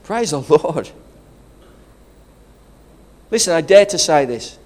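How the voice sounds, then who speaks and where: A man's voice: on the high side, animated, slow pace, darkish tone. A man with a regional English accent, preaching a sermon as pastor, rousing and conversational, with calls of praise. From England.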